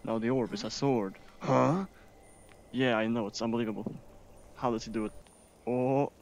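A man from Sweden giving casual, excitable gameplay commentary as a streamer, swearing often. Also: mid-range voice, normal speed, slight background noise. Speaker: gaming streamer.

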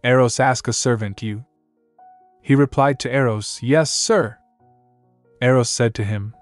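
In a medium-pitched, darkish voice, a male narrator reads through a story recap, giving all the characters' dialogue the same flat delivery. It's a dry voice-over recording backed by soft music.

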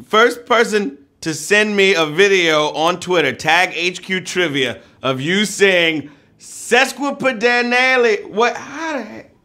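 A man hosting a live trivia game show, playful and joking, with loud whoops. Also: sits high, animated, slow pace.

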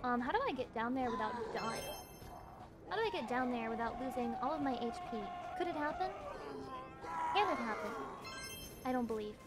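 A woman casually talking through a video game on a live stream, chatty and prone to loud shrieks of surprise. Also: a little high, lively intonation, brisk, pauses often, heavy background noise. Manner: chatty, reacts loudly with shrieks. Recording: music playing behind.

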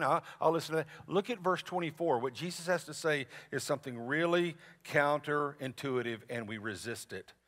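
A man preaching a sermon as pastor, in a conversational, animated way with asides to the congregation. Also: fairly high pitch. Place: large church sanctuary. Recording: long reverb of a church hall.

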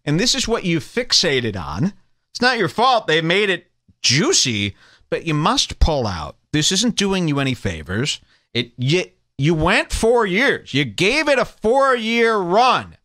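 A man's voice: high voice, very animated, a little slow, pushed and bright, dry recording. A man hosting a podcast, delivering a sarcastic, mock-preachy comedic rant in a close, dry studio recording. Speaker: podcast host. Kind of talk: ranting comedic monologue.

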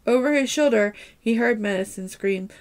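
A woman's voice: fairly high pitch, normal speed. A woman reading a mystery novel aloud, in a plain way with occasional slips and restarts. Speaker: storyteller reading a book aloud.

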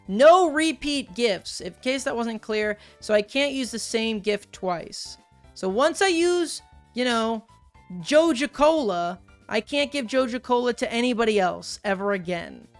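Woman doing jokey gameplay commentary, medium pitch, chatty with viewers, quiet game music behind. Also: vocal fry. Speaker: gaming video host.

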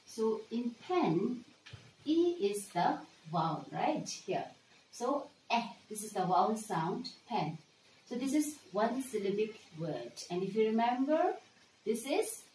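A woman's voice: mid-range voice, a little mellow, echoey room, distant mic, a little hiss or hum, rough recording. A woman teaching a lesson, patient and repeating words, often checking with "right?". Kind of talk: classroom lesson for children.

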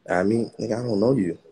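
A man's voice: lowish voice, mellow, husky. A man in his twenties, chatting casually on a livestream and joking trash talk at his viewers. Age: 20s.

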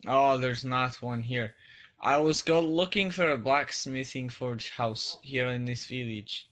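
A man casually commenting on his own gameplay. He keeps up a running chat, calling out whatever he stumbles across. His voice sits at an ordinary middle pitch. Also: unhurried, a bit bright. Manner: chatty, narrates his finds as he plays. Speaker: let's play host.

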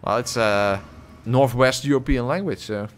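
A man whose first language is Dutch, streaming a game live, reading chat and reacting loudly with jokes. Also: mid-range voice, normal speed.

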